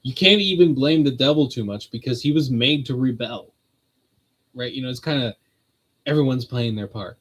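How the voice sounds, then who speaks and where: A man with a mid-range voice speaking at normal speed hosts a religious stream on a rough recording. The talk is a loose, chatty ramble, punctuated by frequent laughter.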